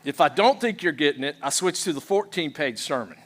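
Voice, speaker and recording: A pastor preaching a playful sermon and leading the congregation in call-and-response. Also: male voice, on the high side, animated, a little fast. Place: church sanctuary.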